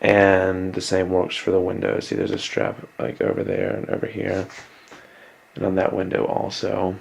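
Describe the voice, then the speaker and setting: A man's voice: deep voice, very animated, normal speed, creaky, background noise. A young American man rambling through a casual video diary as an exchange student, full of likes and ums and casual swearing. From United States. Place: indoors in a host family's house.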